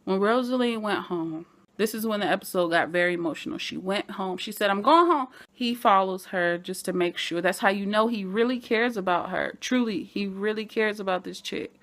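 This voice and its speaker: A woman recapping a TV episode in a casual vlog, animated and chatty, talking straight to her fellow fans. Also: mid-range voice, normal speed. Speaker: TV show reviewer.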